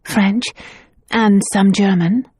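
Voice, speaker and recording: A woman voicing a composed, dignified young woman in her twenties applying to be a governess, speaking calmly and formally. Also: mid-range voice, slow, husky, dry recording, studio quality. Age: 20s. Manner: calm, formal and poised.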